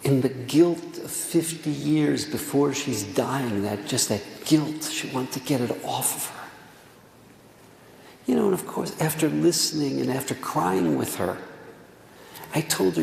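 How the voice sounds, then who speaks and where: A middle-aged rabbi delivers an earnest sermon with stories, his voice carrying a gravelly edge. He repeats words for emphasis and sometimes drops almost to a whisper. The sound comes from a long echoing synagogue hall with faint room noise. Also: medium pitch, measured pace, darkish tone. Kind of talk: Tisha B'Av sermon with stories.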